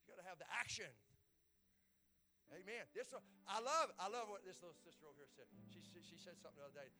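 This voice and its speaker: A male preacher delivers a lively sermon with a high, ringing voice. He repeats phrases and climbs to excited exclamations. His tone is bright and forceful. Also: fast, faint music behind. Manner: animated, repetitive, builds to exclamations.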